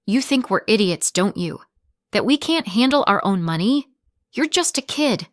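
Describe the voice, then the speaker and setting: A woman's voice: medium pitch, lively intonation, moderate pace, dry recording, studio quality, lightly acted. A woman voicing a controlling middle-aged father who scolds harshly. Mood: angry.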